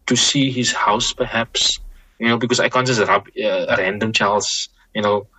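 A guest Islamic scholar gives measured, reflective advice in a fairly low voice with a steady, bright, forceful tone and a slightly rough texture. He often repeats and restarts phrases and sprinkles in religious expressions.

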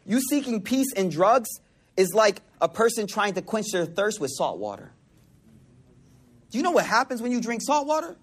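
Husky guy preaching, voice sits kinda high, goes from big loud bits to almost whispering. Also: expressive, normal speed. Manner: swings between loud emphatic lines and hushed intimate ones; repeats phrases for emphasis. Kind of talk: sermon. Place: hall with a live audience.

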